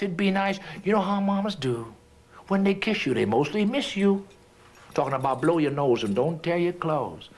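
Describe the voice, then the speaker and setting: A man tells a story in rhyme with a rhythmic, sing-song delivery. His voice sits a little high and swoops from soft murmurs to bright calls. A faint hiss runs under the recording. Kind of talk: rhythmic rhyming storytelling performance.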